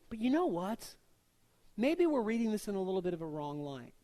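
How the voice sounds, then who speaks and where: A man with a fairly high voice preaches a sermon in an easygoing, conversational way. He jokes with the congregation and drops into short voiced asides between scripture readings. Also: sing-song, normal speed, mellow. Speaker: pastor.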